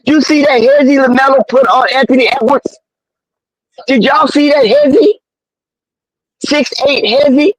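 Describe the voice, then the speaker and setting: A man doing fan play-by-play of a basketball game, excitable, slangy and loudly outraged at the referees. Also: very high voice, unhurried, pauses often, no echo, poor audio. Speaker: live game commentator.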